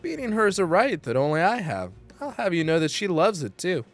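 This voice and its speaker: A man's voice: sits high, very animated, fairly quick, soft background music, voice pushed up. A man voicing an arrogant, abusive villain in a dramatic reading of game dialogue, snarling and threatening. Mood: menacing.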